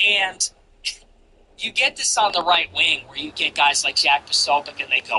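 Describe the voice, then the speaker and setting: A man's voice: a little high, expressive, normal speed, sharp tone, slight background noise, poor audio. A man giving blunt, profane, mocking casual political commentary.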